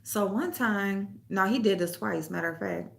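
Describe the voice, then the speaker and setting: Gravelly-voiced woman telling stories casually. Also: mid-range voice, moderate pace. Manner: loose storytelling, laughs often, swears freely, reads comments aloud. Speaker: host. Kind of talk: casual livestream chat.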